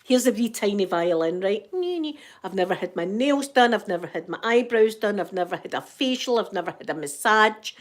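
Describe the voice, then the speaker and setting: A woman's voice: mid-range voice, fairly quick, few pauses. A Scottish woman hosting a casual ASMR stream, chatting to viewers in the chat while she knits and laughing often. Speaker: ASMR livestream host.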